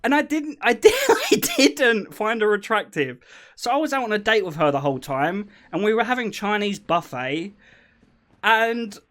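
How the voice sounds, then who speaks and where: Young male streamer, high lively voice, animated casual storytelling with frequent laughter. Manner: animated, laughs often, self-deprecating. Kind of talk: casual storytelling to a live chat.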